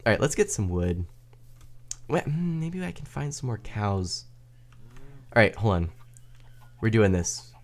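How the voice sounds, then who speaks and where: Man streamer, low voice, very lively pitch, chatty, self-deprecating, laughs a lot. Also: measured pace, long pauses. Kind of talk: casual gaming stream chat.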